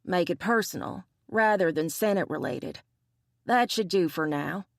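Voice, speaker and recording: A woman's voice: on the low side, normal speed, vocal fry, no echo, studio quality. A woman voicing a confident young mercenary bodyguard, lifting her voice above her narration.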